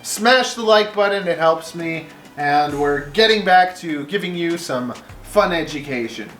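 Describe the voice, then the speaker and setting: A man's voice: fairly high pitch, expressive, unhurried, fairly bright tone, soft background music. A man hosting his reptile-breeding channel, explaining things in a friendly, chatty, practical way. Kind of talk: casual vlog explanation.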